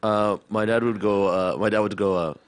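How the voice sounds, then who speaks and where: A man's voice: fairly low pitch, fairly even intonation, moderate pace. A man from Texas, a guest comedian on a podcast, firing off sarcastic comebacks in a studio. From Texas, USA.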